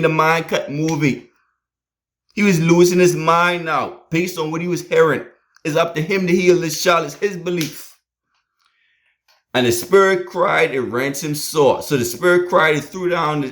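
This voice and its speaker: A man's voice: fairly high pitch, a bit bright. A man preaching a sermon, emphatic and storytelling, with repeated rallying phrases.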